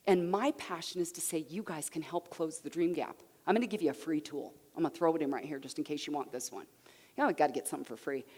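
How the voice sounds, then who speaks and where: A woman speaks to a room of men at a conference, animated and personal, slipping into the voices of the people in her stories. Her voice is of middle pitch and carries a long reverb from the large hall around her. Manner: animated, acts out quoted voices. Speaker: seminar speaker.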